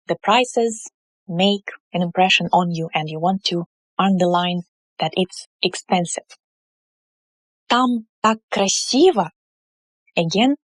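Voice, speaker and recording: A woman with a Russian accent teaching a language lesson, explaining slowly and carefully and drawing out her example words. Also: on the low side, no room sound.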